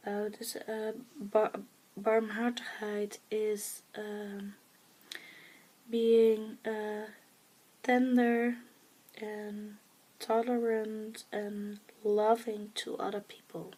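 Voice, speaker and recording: A woman with a Dutch accent, talking softly and hesitantly in a casual show-and-tell vlog, often dropping into a whisper, with many pauses and fillers. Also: mid-range voice, little pitch movement, low-quality recording. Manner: soft-spoken, often slipping into a whisper. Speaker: craft vlogger.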